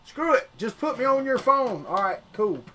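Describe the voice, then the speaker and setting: A man's voice: extremely high pitch, big pitch swings, moderate pace, bright, forceful tone, a little hiss or hum. A man from Florida with a Southern accent, chatting casually on a 3D printing livestream and repeating himself as he works. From Florida, United States. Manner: rambling, repeats words while working. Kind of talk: casual live-stream chat.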